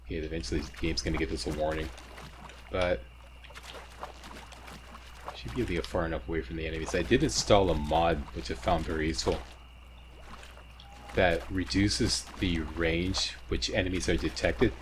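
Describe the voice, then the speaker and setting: A man's voice: low-pitched, moderate pace, long pauses. A man hosting a video game walkthrough, chatty and joking as he explains each step. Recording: faint ambient noise, sirens nearby.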